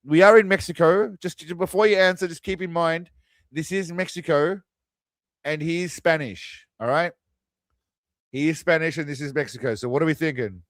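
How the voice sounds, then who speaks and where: A man's voice: on the high side, normal speed, fairly bright tone, no room sound. A man hosting a crude, mocking movie commentary, tossing out quiz-style asides. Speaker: host. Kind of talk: sarcastic movie riffing commentary.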